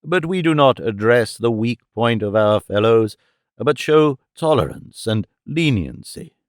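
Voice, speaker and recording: A man voicing a mild, calm Anglican clergyman who speaks slowly and with measure. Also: medium pitch, no echo, clean studio sound, close to an everyday voice.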